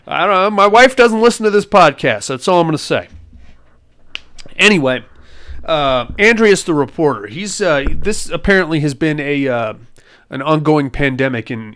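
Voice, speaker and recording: A man's voice: mid-range voice, a bit bright, clean tone. A man hosting a podcast, casually recapping a film in a rambling, crude and joking way. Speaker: podcast host.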